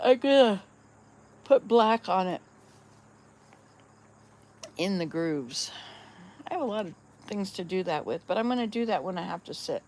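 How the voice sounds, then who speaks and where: A woman in her sixties vlogs from home in casual, rambling, upbeat chat, now and then coaxing her cats. Her voice is on the low side and a little mellow, with slight background noise.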